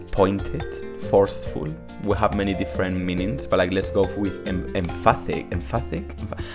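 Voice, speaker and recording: Chatty low-voiced man teaching Spanish. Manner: chatty, many "like" fillers, talks to his dog. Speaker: language teacher. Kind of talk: casual online Spanish lesson.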